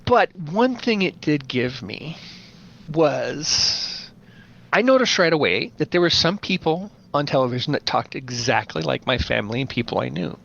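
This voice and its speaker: A man who runs tabletop games, chatting on a podcast as an animated storyteller. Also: a little high, normal speed, creaky. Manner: animated storyteller, playful voice imitations. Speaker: podcast guest, game master. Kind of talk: casual podcast chat. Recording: dull lo-fi audio.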